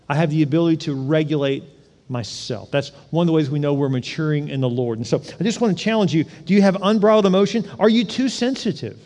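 A man preaching a conversational sermon, asking the congregation one rhetorical question after another and acting out little scenes with sudden loud cries. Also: a little high, fast talker, long reverb tail. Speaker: pastor.

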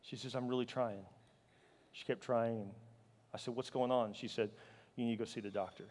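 A male pastor preaching with raw emotion, building to loud, fervent peaks and dropping to hushed, faltering words. His voice sits at an ordinary middle pitch. It rings out with a long reverb, as if in a large church hall. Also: fairly even intonation. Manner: emotional storytelling, swinging from loud fervor to hushed, halting speech. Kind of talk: sermon.

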